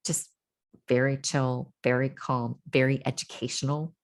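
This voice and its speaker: A woman's voice: rumbling low, little pitch movement, measured pace. A middle-aged woman as an interview guest, telling her personal story candidly and reflectively, with many fillers and restarts.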